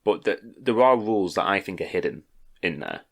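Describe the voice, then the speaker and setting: A man with a very low voice talks through a film in casual podcast chat. He co-hosts the show and is opinionated, explaining his views at length. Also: big pitch swings, a little fast, creaky, breathy edge. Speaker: podcast co-host.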